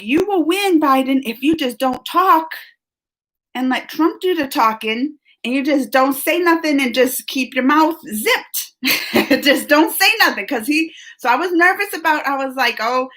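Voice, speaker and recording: High bright-voiced chatty woman. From United States. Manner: excitable and chatty, laughs often; rambling with frequent restarts. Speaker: live stream host. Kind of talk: casual live-stream chat.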